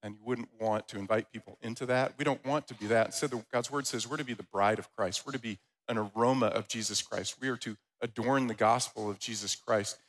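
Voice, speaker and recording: Guy pastor preaching a sermon, middle pitch, lively storytelling, reads scripture out loud. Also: brisk, few pauses, a little hiss or hum, poor audio. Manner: animated storytelling with loud, rising quoted voices; reads scripture aloud in a steady voice.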